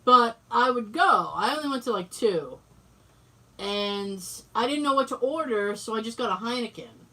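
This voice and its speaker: A woman's voice: a little high, expressive, normal speed, sharp tone. A woman co-hosting a podcast, telling a story in casual chat, acting out quoted dialogue and swearing freely. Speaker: podcast co-host. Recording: voice distant from the mic.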